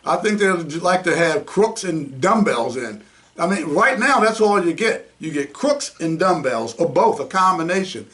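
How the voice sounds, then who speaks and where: A man's voice: on the high side, very animated, moderate pace, fairly bright tone. A man hosting a political podcast, blunt and mocking. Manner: blunt, mocking, laughs at his own jabs. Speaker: podcast host.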